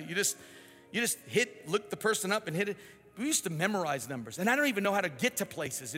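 Male pastor, sermon, high bright voice, long hall reverb, faint music. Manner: animated, swings from loud to hushed. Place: large church hall.

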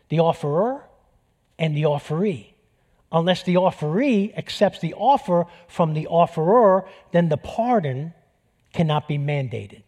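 A man with a New York accent preaching a sermon, animated and building to emphatic peaks. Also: a little high, husky. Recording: long hall reverb.

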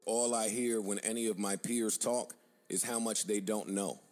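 A man's voice: on the low side, steady tone, moderate pace, a little mellow, a little hiss or hum. Assertive man lecturing his critics. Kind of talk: confident commentary.

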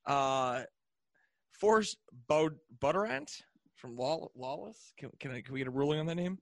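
A man's voice: on the high side, lively intonation, moderate pace, creaky, no echo. A man co-hosting a casual podcast, reading out lists with jokey asides and frequent laughter. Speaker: podcast co-host. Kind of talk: casual chat.

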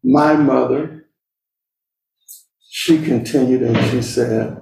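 A middle-aged man shares a personal story with an audience in a slow, earnest, deliberate way, leaving long pauses between phrases. His voice sits slightly high for a man. The sound is roomy and picked up from some distance on a stage. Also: lively intonation, darkish tone. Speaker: speaker.

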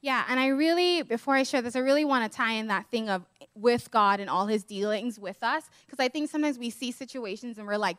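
A woman co-pastor sharing a personal story in a sermon, earnest and emotional, speaking in quick bursts. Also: a little high, fairly bright tone, smooth, dry recording.

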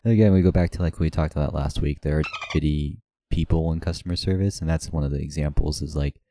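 A man's voice: very deep voice, quick pace, background noise. A man co-hosting a podcast in casual chat, laid-back, dropping wry quips. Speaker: podcast co-host.

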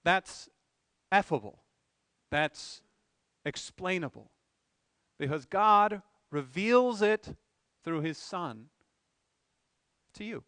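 A man's voice: sits high, expressive, drawn-out words, pauses often, fairly bright tone, dry recording, clean studio sound. A man preaching a sermon as pastor, earnest, asking rhetorical questions and pressing his points with emphatic swells.

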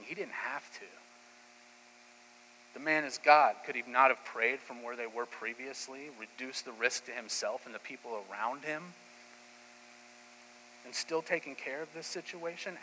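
A man preaching a sermon as a pastor, retelling scripture as lively, casual storytelling. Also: medium pitch, in a large hall, slight background noise, rough recording.

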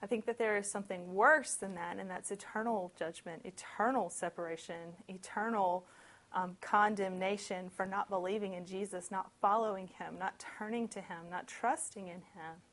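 This woman, medium in pitch, delivers a sermon by reading scripture aloud and then unpacking it in an expressive, conversational manner sprinkled with lively asides.

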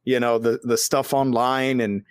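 Profane, animated male podcast host. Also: mid-range voice, measured pace, clean tone, no room sound, studio quality. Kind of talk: casual storytelling chat.

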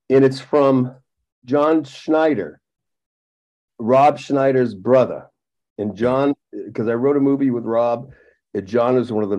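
A man's voice: mid-range voice, dark tone, highs cut off. A middle-aged man telling a long anecdote as a guest, rambling and profane, self-deprecating, with many restarts. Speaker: podcast guest.

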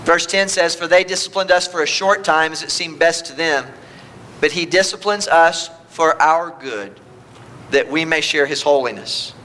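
Male pastor, sermon delivery; high pitch, bright forceful tone, emphatic. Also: normal speed. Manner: emphatic preaching, voicing God in first person.

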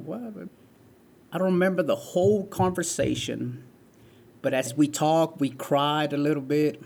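A man's voice: a little high, vocal fry, darkish tone, breathy edge. A man in his forties, a guest in an interview, telling his life story in an earnest way and often saying "man" and "right". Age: 40s.

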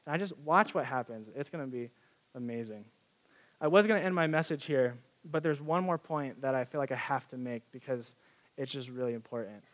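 A man's voice: mid-range voice, fairly quick. A young man preaching a sermon in a conversational, earnest way, full of casual fillers, to an audience in a church hall. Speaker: pastor. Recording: long reverb of a church hall.

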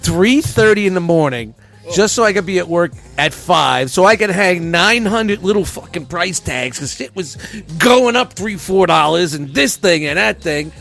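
A man's voice: high-pitched, normal speed, vocal fry, faint music behind. A middle-aged man hosting a podcast, telling a rage story full of swearing and acting out both sides of an argument. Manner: animated, swears constantly, acts out quarrels with raised voice. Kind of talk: profane casual storytelling.

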